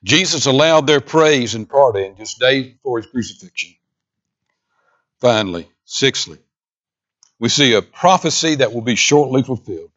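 A man preaching a sermon as pastor in a church, emphatic, with dramatic pauses, moving from loud declarations to hushed lines. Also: medium pitch, expressive, dull audio. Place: church sanctuary.

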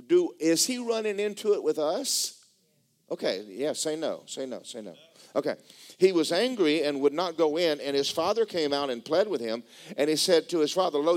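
A man preaching a sermon, reading scripture aloud and breaking in with lively comments and stumbling restarts. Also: mid-range voice. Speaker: pastor.

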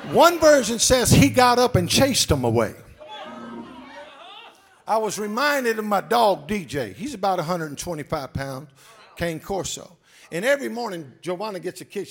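Gravelly high-voiced preacher, emphatic. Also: male voice. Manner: emphatic, swings from low murmurs to shouts; calls out to the congregation. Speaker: pastor. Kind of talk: sermon.

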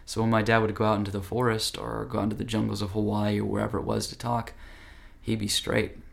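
A man's voice: fairly low pitch, monotone, fast talker, vocal fry. A man teaching yoga philosophy in an earnest, conversational, direct way. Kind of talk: spiritual talk.

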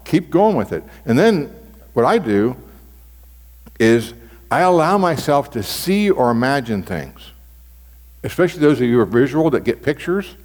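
This pastor, teaching about devotional reading, has a medium-pitched, darkish voice with a sing-song lilt, a moderate pace and long pauses. His sermon is conversational, and he often restarts and repeats himself. A large hall lends a long reverb.

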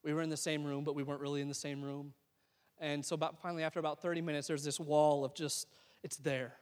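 A young male preacher telling a story in a sermon. He swings between hushed moments and excited bursts in a high voice. A long reverb from the hall trails behind him. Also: quick pace.

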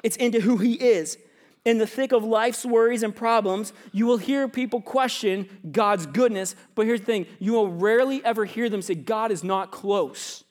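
A man's voice: extremely high pitch, moderate pace. A man in his thirties, a youth pastor preaching a sermon in a conversational, storytelling way. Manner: conversational, storytelling preacher who acts out little scenes; often drops to quiet, hushed tones in anecdotes. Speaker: pastor of students and young adults.

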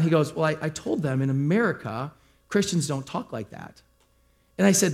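A man's voice: fairly high pitch, lively intonation, normal speed. A middle-aged man preaching a sermon as pastor, telling stories in a conversational way with humorous asides. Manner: conversational storytelling with asides and self-deprecating humor.

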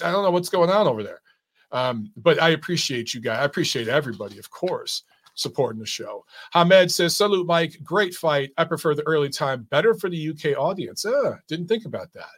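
Middle-aged guy hosting a boxing stream, kinda high voice, super loose and chatty, lots of ums. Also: fairly bright tone. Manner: loose, chatty, swears, frequent fillers and restarts. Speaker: boxing show host reading live chat. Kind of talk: casual live-stream chat.

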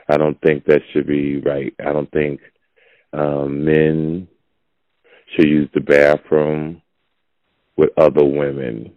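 In a casual podcast talk, the male host offers a blunt, preachy monologue of opinions in a low, gravelly voice. He speaks in a monotone, slowly and with frequent pauses, on dull lo-fi audio with no echo.

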